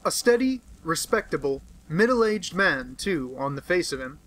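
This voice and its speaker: A man voicing an aloof, brusque male detective in an audiobook, speaking in a crisp, lecturing manner. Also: on the high side, very animated, a little slow, a bit bright, heavily acted, low-quality recording. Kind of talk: audiobook character reading.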